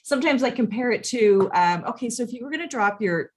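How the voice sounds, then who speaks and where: A woman's voice: fairly high pitch, lively intonation, quick pace. Chatty woman host asking "right?". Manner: conversational, ends points with "right?". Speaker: podcast host, parenting coach. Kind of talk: casual interview chat.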